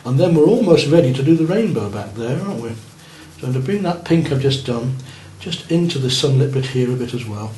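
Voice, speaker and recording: This is a man teaching novice painters in a classroom, checking their work and cheering them on while he paints. He talks briskly and animatedly at a medium pitch, with a dark tone and few pauses. The recording has a roomy sound and faint noise.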